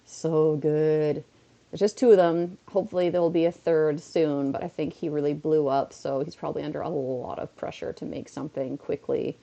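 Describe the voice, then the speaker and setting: A woman's voice: sits low, steady tone, normal speed, vocal fry, mellow. A young woman chatting casually on a home livestream while playing a phone game, rambling from topic to topic and feeling a bit under the weather. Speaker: streamer. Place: indoors at home. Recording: dull lo-fi mic.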